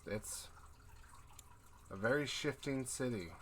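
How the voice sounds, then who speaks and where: A man's voice: mid-range voice, slow, a little hiss or hum, lightly acted. A man voicing a friendly, slightly breathless woman who delivers bread, making polite small talk. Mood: friendly chatty.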